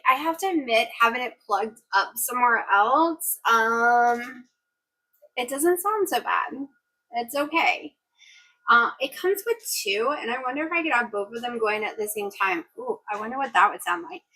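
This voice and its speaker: Woman, home kitchen vlogger, slightly high voice, chatty and hyper, runs on in quick bursts. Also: breathy edge. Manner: rambling, excitable, talks fast in bursts. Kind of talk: casual vlog chat. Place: home kitchen, cooking at a griddle. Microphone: new clip-on wireless mic, sometimes clipped to the stove away from her.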